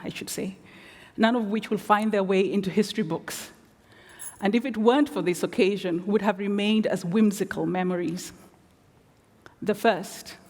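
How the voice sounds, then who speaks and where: Woman, guest lecturer; reflective, measured storytelling with dry humor; long theatre reverb. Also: mid-range voice, darkish tone. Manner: measured, reflective, wry asides. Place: large theatre.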